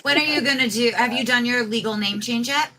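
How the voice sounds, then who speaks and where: Bright-voiced woman co-host. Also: a little high, fairly quick, poor audio. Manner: rambling, rephrasing questions. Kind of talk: casual interview questions.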